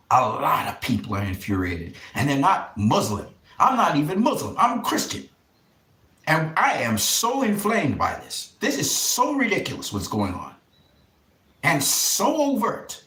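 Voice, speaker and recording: Fervent man with a lively, echoey voice. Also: mid-range voice, measured pace. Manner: fervent, emphatic, repeats vows, drops to harsh whispers. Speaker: boxing channel host. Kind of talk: impassioned monologue to camera.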